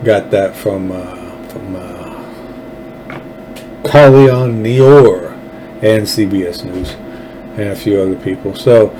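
A man's voice: on the low side, slow, long pauses, background noise. A man from Texas hosting a solo political show, ranting in a blunt, profane and sarcastic way. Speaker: political talk show host.

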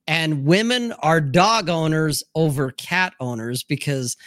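A middle-aged man with a bright, forceful voice tells crude, rambling stories in casual livestream chat. He swears freely and acts out the people he quotes. The sound is dry and close. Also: on the high side, measured pace, no echo. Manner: crude, animated storytelling. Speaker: podcast host.

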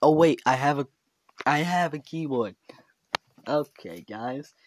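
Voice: mid-range voice, animated, measured pace, no room sound. A vlogger talking alone in their bedroom, rambling and giggly, with filler words all through. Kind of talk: rambling casual monologue to camera. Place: own bedroom.

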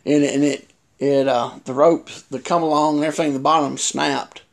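Gravelly man telling rambling stories. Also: on the high side, fairly even intonation, normal speed. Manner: rambling storyteller, restarts, laughs at own story. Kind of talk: casual chat. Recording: noisy podcast recording.

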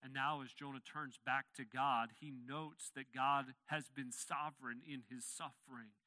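A man's voice: mid-range voice, steady tone, a little slow, sharp tone, no echo. A man preaching an expository sermon as pastor, earnest and rising to emphatic peaks when quoting scripture.

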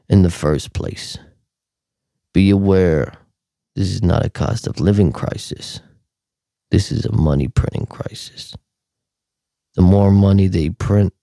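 A man putting on a deep, grave voice for his Twitter alter ego, reading slowly and dramatically. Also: vocal fry, warm tone, no room sound, clean studio sound.

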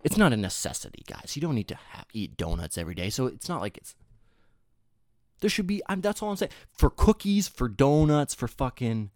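A young man riffs in a loose, profanity-laced rant, his pitch bouncing up and down as he gets worked up. He stumbles over restarts and laughs at his own jokes. The sound is dry and close, with no room behind him. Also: big pitch swings, normal speed, a little mellow, no room sound. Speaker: solo talker addressing viewers. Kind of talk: casual rant.

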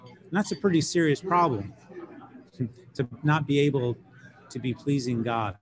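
A middle-aged man lecturing a class on Greek grammar with a mid-pitched voice. He explains loosely and patiently, often pausing on fillers and starting over. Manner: relaxed, explanatory, many fillers and restarts. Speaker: Greek professor teaching a class.

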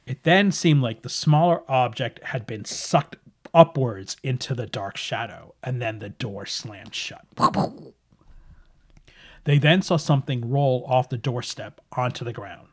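Casual male game master, chatty, mid-pitched, restarts often. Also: animated, a little slow, breathy edge. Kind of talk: narrating a tabletop horror game.

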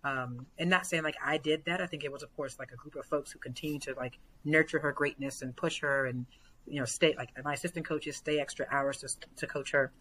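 A woman basketball coach talking earnestly as a podcast guest, full of fillers and growing excitement. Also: deep voice, fairly quick, slight background noise, poor audio. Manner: earnest, many fillers, builds to excited retellings.

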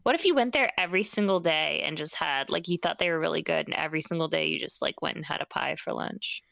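A woman's voice: sits low, fast talker, gravelly, a bit bright, no echo. Woman, podcast co-host, casual rambling storytelling, filler words, dry close sound. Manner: rambling storyteller, many ums and likes. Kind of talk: casual chat.

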